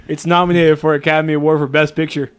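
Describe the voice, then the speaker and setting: A man's voice: a little high, level tone, quick pace, clean tone. A young man hosting a movie podcast, chatting casually and playfully with frequent laughter. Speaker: podcast host. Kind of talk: casual chat.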